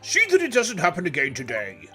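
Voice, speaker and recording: A streamer voicing a calm, menacing samurai prosecutor in a video game, speaking in measured, archaic phrases. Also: medium pitch, soft background music.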